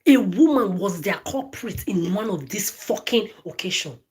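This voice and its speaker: A woman's voice: mid-range voice, lively intonation, normal speed, a little mellow. A woman ranting straight at her phone camera, swearing often, stammering and repeating words and phrases. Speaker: vlogger. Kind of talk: angry direct-to-camera rant.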